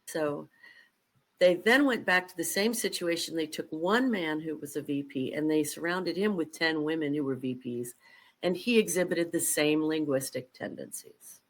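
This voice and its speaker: An older woman speaks as a podcast guest, with a voice pitched a little low for a woman. She tells her story in a lively, emphatic way and brings it to life by acting out quoted lines. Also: moderate pace, poor audio. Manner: animated, emphatic, acts out quotes. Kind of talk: conversational storytelling.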